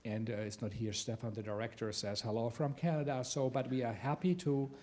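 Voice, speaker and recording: A man who directs a theater center, giving a welcome speech to an audience in a theater, halting often with filler sounds. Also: mid-range voice, fairly even intonation, darkish tone. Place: theater venue.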